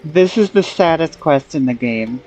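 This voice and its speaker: A woman's voice: sits low, lively intonation, unhurried, mellow, dull audio, soft background music. A woman streaming a game, casual commentary, laughing and shrieking in disbelief.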